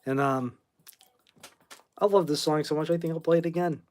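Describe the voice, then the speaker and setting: Rambling man from Boston, slightly high voice. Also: fairly even intonation, normal speed, a little mellow. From Boston, Massachusetts. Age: 40s. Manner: rambling, offhand, blunt opinions. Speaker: host. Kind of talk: casual livestream chat answering viewer questions.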